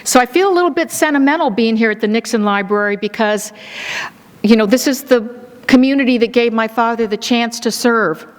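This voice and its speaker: A woman in her sixties giving a public talk and telling personal stories in a warm, sentimental, gently humorous way. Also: a little high, brisk. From United States. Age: 60s. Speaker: speaker presenting a book. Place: event hall. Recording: live talk in a reverberant hall.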